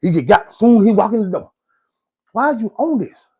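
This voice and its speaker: A man's voice: high-pitched, expressive, moderate pace, mellow, breathy edge. A man, casually telling his own story in a slangy, rambling way and often checking in with the listener. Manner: slangy, rambling, keeps asking "you know what I'm saying".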